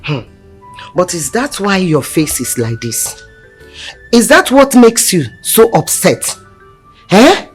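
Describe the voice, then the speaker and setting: An actress with a Nigerian accent playing a sharp-tongued village mother who questions her children dismissively. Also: on the low side, big pitch swings, takes it slowly, long pauses, husky, exaggerated voice. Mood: probing. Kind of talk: Nollywood film acting. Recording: film audio with music score.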